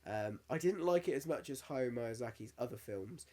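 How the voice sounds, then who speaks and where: A man's voice: medium pitch, animated, normal speed, dark tone. A man in his thirties, co-hosting a podcast in casual chat, candid and sweary, getting emotional as he tells stories. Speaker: podcast co-host.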